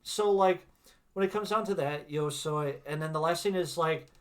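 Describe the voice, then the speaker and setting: A man's voice: a little high, moderate pace. A man from Wisconsin, hosting a tarot reading livestream in a chatty, reassuring way, often tagging "right?" onto his points. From Wisconsin, USA. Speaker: tarot reader and livestream host. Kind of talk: casual livestream chat.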